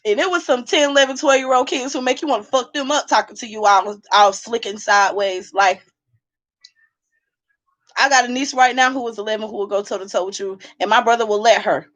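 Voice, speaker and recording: A woman hosting a casual livestream while drinking, sassy and animated as she talks back to the chat from home. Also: a little high, fairly quick. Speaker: livestream host.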